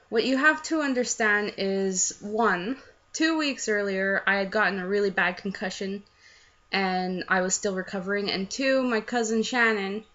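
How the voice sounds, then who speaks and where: A young woman tells a story in a chatty, rambling way, mocking herself as she goes. Her voice is bright and forceful, sitting at a middle pitch. The recording is dull and lo-fi. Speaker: fan telling a story. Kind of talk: casual storytelling to camera.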